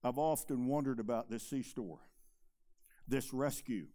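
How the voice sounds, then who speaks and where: A preacher man who delivers a sermon, swinging between loud emphatic stretches and quiet, low asides. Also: moderate pace.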